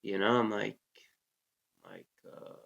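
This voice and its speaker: A relaxed male army veteran with a low, gravelly voice, recounting a story in loose casual talk. He leans on fillers and swears freely. The sound is dull and lo-fi. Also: slow pace. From United States. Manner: laid-back, heavy with fillers like "you know", curses freely. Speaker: interview guest, Army veteran.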